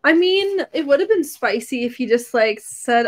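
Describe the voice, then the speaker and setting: A woman's voice: sits high, expressive, moderate pace. Hesitant young woman, casual chat. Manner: hesitant, trailing off, filler-heavy. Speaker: podcast co-host.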